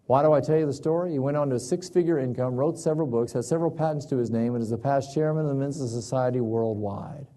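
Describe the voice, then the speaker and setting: A man's voice: quick pace, few pauses, warm tone. A man giving a motivational seminar, telling stories in a folksy, emphatic way. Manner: storytelling, folksy, varies pitch widely for emphasis. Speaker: motivational speaker.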